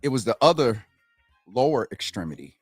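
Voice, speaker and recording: A man's voice: mid-range voice, fairly quick, breathy edge, no echo, studio quality, soft background music. An earnest man hosting a casual community talk show, speaking straight to his viewers. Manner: earnest, animated, addresses viewers as y'all. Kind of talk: casual livestream commentary.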